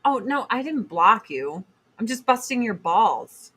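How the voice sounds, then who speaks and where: A woman's voice: fairly high pitch, sing-song, unhurried, fairly bright tone, slightly rough. A middle-aged woman hosting a casual livestream chat and selling beauty products, talking in a blunt, profane, rambling way.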